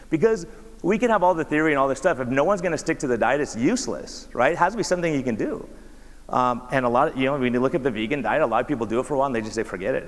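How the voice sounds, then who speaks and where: A man, a doctor, giving a conversational talk with slides, often asking the audience rhetorical questions. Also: mid-range voice. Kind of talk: conference presentation with slides. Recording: reverberant hall.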